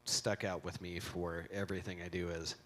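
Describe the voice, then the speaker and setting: A man's voice: low-pitched, little pitch movement, normal speed, fairly bright tone, a little hiss or hum. A man speaking at a memorial, giving a casual, rambling eulogy full of anecdotes and jokes about his friend into a microphone. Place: convention center event hall.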